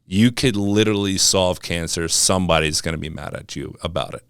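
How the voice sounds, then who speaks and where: Deep-voiced relaxed male podcast host. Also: brisk, smooth, dry recording. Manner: relaxed, rambling, lots of fillers and restarts. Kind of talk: casual interview conversation.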